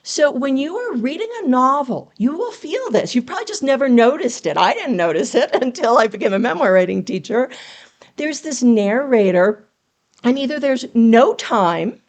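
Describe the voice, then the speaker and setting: A woman guest on a podcast, explaining craft as a writing coach would. She speaks in a fairly high voice, earnest and teacherly, and asks her listeners rhetorical questions as she goes. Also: sing-song, moderate pace. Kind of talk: explanatory interview talk.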